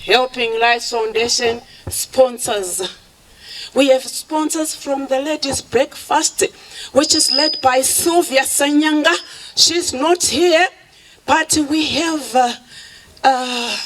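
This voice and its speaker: A woman speaks at a charity event in a high, bright voice. She takes her time, slipping between English and Shona and thanking people with open emotion. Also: takes it slowly, rough recording. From Zimbabwe. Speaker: charity founder giving a speech. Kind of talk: public speech at an event.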